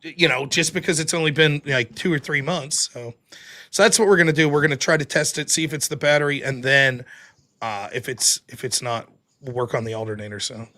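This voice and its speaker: A man's voice: mid-range voice, fairly quick, sharp tone. A man with a Pittsburgh accent hosting a call-in show, chatting casually and swearing freely. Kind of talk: casual chat.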